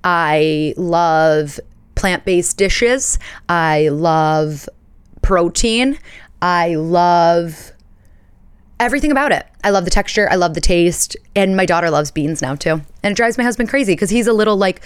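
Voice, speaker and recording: A woman's voice: lowish voice, unhurried, clear, resonant tone, no room sound. A woman in her thirties from the United States hosting a podcast, chatting casually and telling stories with playful asides. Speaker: podcast host. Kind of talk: casual chat.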